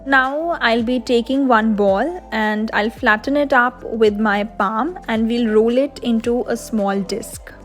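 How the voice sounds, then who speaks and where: A woman's voice: on the high side, takes it slowly, few pauses, over music. A young woman, host of a cooking channel, explaining a recipe step by step in a voice-over.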